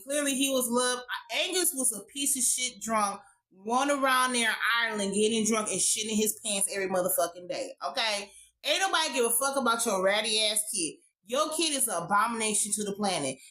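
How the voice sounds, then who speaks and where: A woman recapping a TV episode in a blunt, profane, animated casual style with lots of asides. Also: mid-range voice, low-quality recording. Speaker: TV show reviewer.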